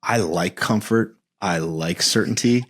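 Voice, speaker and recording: A man's voice: fairly low pitch, measured pace, breathy edge. A man in his fifties, a men's coach, speaking earnestly and reflectively as a podcast guest, often restarting his phrases. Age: 50s.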